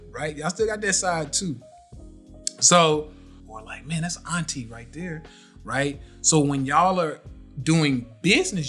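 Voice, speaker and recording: Man, podcast host, bright voice, fairly high, animated, preachy, repetitive. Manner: animated, preachy, repeats phrases. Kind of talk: casual live podcast talk.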